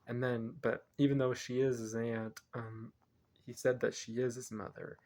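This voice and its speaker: Flat-toned man rambling through a plot recap. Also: medium pitch, moderate pace. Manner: rambling, self-correcting retelling. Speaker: movie reviewer. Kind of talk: casual plot recap for a film review.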